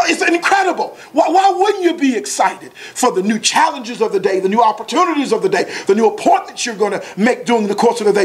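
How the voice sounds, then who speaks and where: High-voiced, fast and fired-up man. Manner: fast, passionate, preacher-like delivery. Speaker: sales trainer speaking at an academy. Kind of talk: motivational lecture.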